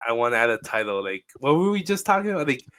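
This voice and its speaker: A man's voice: mid-range voice, very animated, fast, a bit bright. A young man hosting a casual podcast, bantering loosely with crude jokes and a lot of swearing. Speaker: podcast host. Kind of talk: casual chat.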